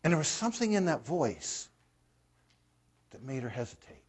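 A man's voice: a little high, very animated, moderate pace, breathy edge. A man preaching a sermon as a pastor, telling a story in a conversational way and putting questions to the congregation.

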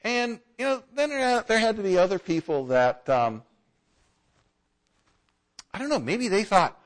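A man's voice: fairly high pitch, very animated, moderate pace, pauses often. A man preaching a conversational sermon and now and then acting out the voices of townspeople.

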